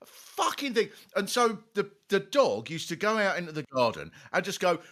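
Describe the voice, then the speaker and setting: A middle-aged male comedy host who rants through his stories, bursting into yelps and swearing. His voice is fairly high and swings widely, with a bright, forceful edge. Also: moderate pace. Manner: animated ranting storyteller, sudden yelps and swearing. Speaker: podcast host. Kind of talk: comic conversation.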